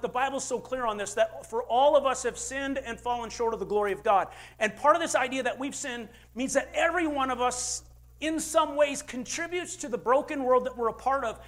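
An older man preaching a sermon as a pastor, emphatic, with big swings in pitch and loudness.

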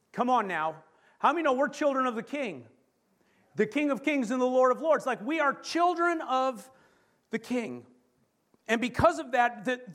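Canadian male pastor, very high voice, lively sermon delivery, calls out questions to the room. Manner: lively preaching with rhetorical questions and stressed slow phrases.

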